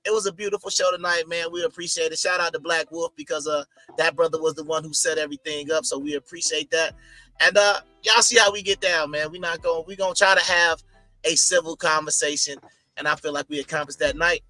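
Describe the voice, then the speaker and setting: A man's voice: fairly high pitch, steady tone, quick pace, sharp tone, dry recording, soft background music. A man co-hosting a podcast in casual, slangy talk, tagging "man" onto his lines. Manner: laid-back, slangy, says "man" often. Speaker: podcast co-host.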